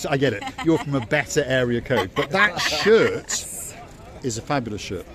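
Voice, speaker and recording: Vlog host, man, lively jokey banter, outdoor promenade with a crowd chattering behind. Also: medium pitch, normal speed. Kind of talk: casual street chat with passers-by. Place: outdoor seaside harbour promenade in the evening.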